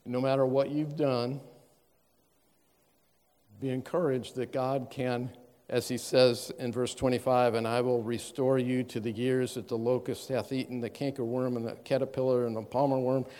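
A man preaching a sermon, reading scripture aloud with measured stress and then explaining it in plain words. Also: mid-range voice, level tone, darkish tone. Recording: long hall reverb.

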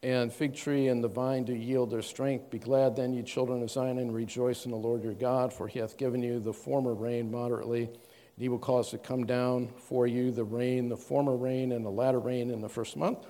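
A man preaching a sermon, reading scripture aloud with measured stress and then explaining it in plain words. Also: medium pitch, little pitch movement, dark tone. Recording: long hall reverb.

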